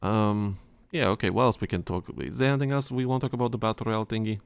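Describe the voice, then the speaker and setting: A man with a fairly low voice co-hosts a casual podcast, talking in a loose, rambling way full of fillers and false starts. The sound is dry and close, with no room behind him. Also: gravelly, smooth, no room sound. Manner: rambling, halting, lots of fillers and restarts. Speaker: podcast co-host. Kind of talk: casual chat.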